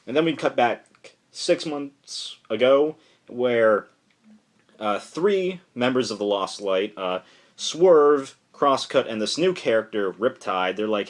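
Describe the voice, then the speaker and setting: A man excitedly recapping a comic book issue in a casual, rambling way, full of "like" and restarts. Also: medium pitch, slow. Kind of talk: casual enthusiastic plot recap.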